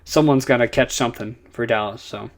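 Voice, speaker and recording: A young man casually giving fantasy football picks, running through players with lots of ums and uhs. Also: medium pitch. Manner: rapid list of player picks with many fillers. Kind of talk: casual commentary.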